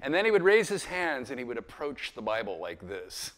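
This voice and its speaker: In his fifties, a pastor teaches a group through a casual Bible lecture, his medium-pitched, fairly bright voice swinging widely in pitch at a moderate pace. He keeps it conversational, weaving in stories, side remarks, and chuckles.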